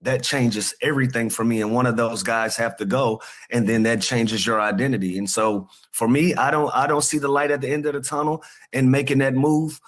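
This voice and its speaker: A man with a mid-range voice talking sports on radio. He lays out his points in a measured, thoughtful way. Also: mid-range voice, fairly even intonation. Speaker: radio co-host.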